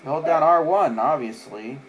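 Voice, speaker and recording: A man giving casual let's play commentary with sarcastic, deadpan asides. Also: on the high side, normal speed, noisy background. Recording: game music playing behind.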